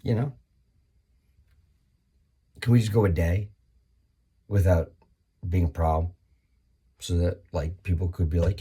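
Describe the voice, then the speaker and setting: A man doing a rambling, profane comedy monologue, full of restarts and sudden high-pitched bursts. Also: unhurried, pauses often, dark tone, breathy edge.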